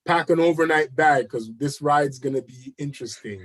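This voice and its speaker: Brief: man, enthusiastic guest pitching hard, repeats himself for emphasis. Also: moderate pace, fairly bright tone. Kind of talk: live chat interview.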